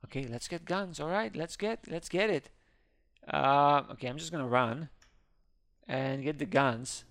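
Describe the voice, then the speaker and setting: Male gaming host, gravelly and slightly high, excitable live play-by-play, dry close-miked sound. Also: a little slow, dry recording. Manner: excitable, narrates his own actions, squeals when scared. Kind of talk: live gameplay commentary.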